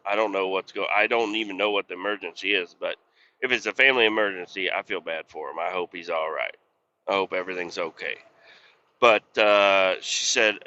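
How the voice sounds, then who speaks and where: A podcast host telling a rambling work story in a casual, profane, exasperated way. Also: male voice, fairly low pitch, bright, forceful tone, muffled recording.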